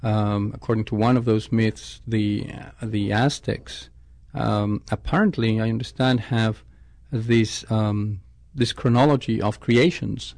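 A man's voice: on the low side, fairly even intonation, measured pace, few pauses, darkish tone, dry recording, clean studio sound. A man, a scientist, answering interview questions thoughtfully, often restarting his sentences. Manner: thoughtful, with frequent restarts and self-corrections.

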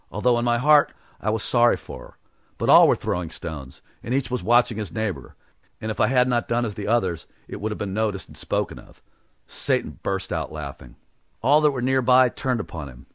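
A man narrating a story as an audiobook, with expressive storytelling. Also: fairly low pitch, moderate pace, dry recording, clean studio sound.

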